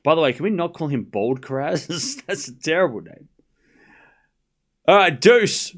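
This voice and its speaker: An Australian man streaming live tennis play-by-play, trading quick, jokey back-and-forth with his chat. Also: a little high, lively intonation, fairly bright tone. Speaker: streamer calling a tennis match.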